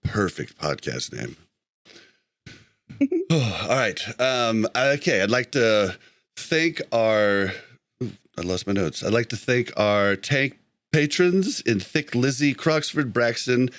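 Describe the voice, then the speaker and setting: A man's voice: medium pitch, big pitch swings, slow pace, fairly bright tone, no echo. A man hosting a casual gaming podcast over an online call, laughing easily and correcting himself as he goes. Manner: laughs often, loose and self-correcting. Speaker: podcast host.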